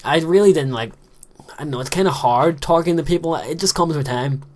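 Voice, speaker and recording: Speaking fairly quickly in a voice on the high side, a man in his late teens narrates his gameplay. The casual commentary is rambling and self-deprecating, recorded in a small closet room by a gaming commentator.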